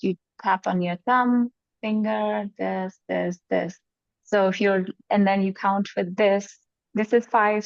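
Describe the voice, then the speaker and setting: A woman's voice: mid-range voice, creaky, no room sound. A woman explaining a personal practice in loose, casual conversation, with lots of "like" and "you know". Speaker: group member sharing a practice. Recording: dull, dry lo-fi sound.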